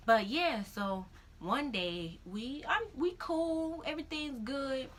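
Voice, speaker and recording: A young woman telling a personal story in a casual vlog, animated, acting out the voices of others. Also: takes it slowly. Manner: animated, acts out her own crying in high-pitched quotes. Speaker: vlogger. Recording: faint background noise.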